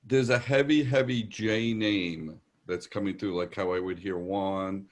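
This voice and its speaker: A man's voice: sits low, steady tone, measured pace. A man with a New York accent, a psychic medium giving rambling, reassuring readings on a live virtual show. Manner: rambling, reassuring, relays messages in quotes.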